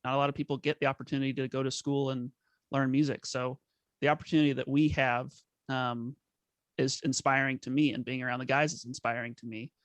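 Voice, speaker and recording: A man's voice: medium pitch, little pitch movement, a little fast, fairly bright tone, no room sound. A man, a band member guest, talking earnestly and sentimentally in a casual interview. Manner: earnest, sentimental, laughs at himself.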